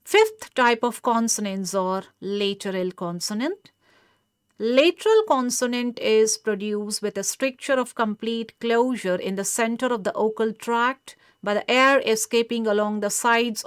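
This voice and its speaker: A woman with a fairly high-pitched, smooth and crisp voice gives a scripted pronunciation lecture, explaining things in a measured way. The recording is close and dry, with no room echo.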